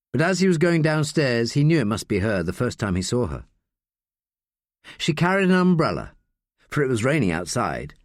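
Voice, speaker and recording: A male audiobook narrator whose pitch swings widely as he reads, giving an animated, expressive telling. His voice sits mid-range, recorded close and bone-dry. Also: no echo.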